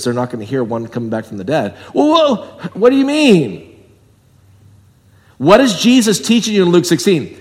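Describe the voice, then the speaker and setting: High-voiced preacher in a reverberant hall. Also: male voice. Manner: emphatic, acts out quoted voices. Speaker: pastor. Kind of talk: expository sermon.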